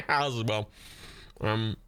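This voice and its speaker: Swearing, lively man from Ireland. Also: lowish voice, drawn-out words, clean tone, no echo. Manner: rambling, swears a lot, laughs often. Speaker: livestream host. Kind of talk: casual chat during a movie watch party.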